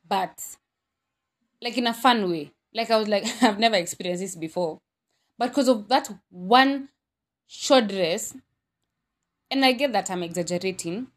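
A young woman with a Kenyan accent hosts her own podcast, talking candidly in a rambling, casual monologue full of fillers and self-corrections. Her voice is medium in pitch.

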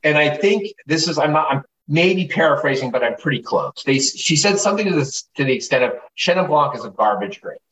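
A man telling wine stories casually as an interview guest, lively and profane, acting out the people he quotes. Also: a little high, brisk, hardly any pauses. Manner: animated, profane, acts out quoted voices. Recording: roomy, distant mic, faint noise.

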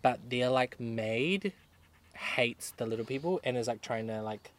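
A man's voice: mid-range voice, measured pace. Rambling young man, casual chat. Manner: rambling storyteller, many fillers. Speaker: podcast co-host. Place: outdoors in a garden.

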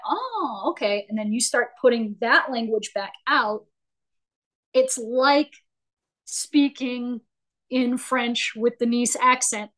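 A woman guest on a podcast, explaining business ideas in a casual, animated way, acting out little quotes and asking "right?" often. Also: a little high, low-quality recording. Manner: animated storytelling with acted-out quotes; folksy, says "right?" often. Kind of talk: conversational explaining.

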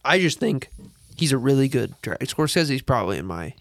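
Male co-host, middle pitch, laid-back film chatter, dry mic. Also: sing-song, a little fast, vocal fry, fairly bright tone, dry recording. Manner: easygoing, trailing off, hedging. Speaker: podcast co-host. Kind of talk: casual movie review chat.

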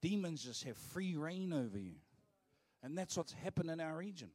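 A man from New preaches a live sermon in church. His voice sits a little higher than most men's. He leans hard on the key words, then eases into playful asides aimed at the congregation. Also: very animated, normal speed, darkish tone. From New Zealand. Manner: emphatic preaching, turns to joking asides with the congregation. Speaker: pastor.

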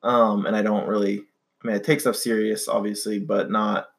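A young man co-hosts a relaxed podcast, talking in a casual, meandering way. His voice sits a little low, and he keeps circling back with fillers and restarts. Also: moderate pace, gravelly. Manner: rambling, many fillers and restarts. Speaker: podcast co-host. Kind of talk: casual chat.

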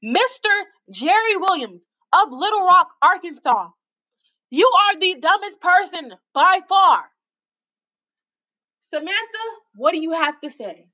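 High, lively-voiced woman host mocking. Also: measured pace, rough recording. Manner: mocking, exasperated reading with stumbles. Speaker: host reading out lawsuit stories. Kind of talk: casual reading and commentary.

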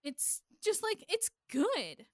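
A woman's voice: very high voice, wildly swooping pitch, slow pace, no room sound, studio quality. A woman co-hosting a podcast, chatting casually and upbeat about a TV episode, swearing freely. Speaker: podcast co-host. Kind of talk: casual chat recapping a TV episode.

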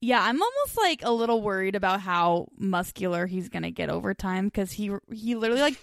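A woman co-hosting a podcast, talking in a casual chat and telling stories in an animated way with frequent laughs. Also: mid-range voice, brisk, gravelly, no echo. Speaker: podcast co-host.

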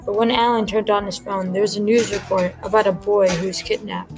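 A woman reading her own story aloud in a quick, plain manner, with music playing behind her. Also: mid-range voice, level tone, rough recording.

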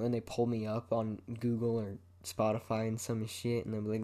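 A man's voice: fairly low pitch, flat delivery, normal speed, hardly any pauses, darkish tone. A young man hosting his own podcast, talking casually and rambling into a microphone while moving his head, with frequent swearing. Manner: rambling, laid-back, swears often. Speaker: podcast host. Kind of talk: casual solo podcast monologue. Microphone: microphone, head moving around it.

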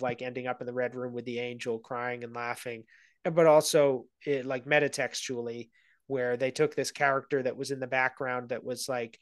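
A man's voice: mid-range voice, dry recording. A man talking at length in a casual interview as a guest film analyst, thoughtful and a little rambling. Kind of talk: casual conversation.

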